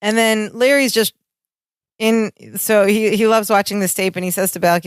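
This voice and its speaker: A podcast co-host with a smooth, clear voice walks through a sitcom scene in casual chat and quotes the characters' lines along the way. The recording is close and dry. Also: mid-range voice, normal speed, dry recording. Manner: narrates scenes, quoting lines in a flat retelling.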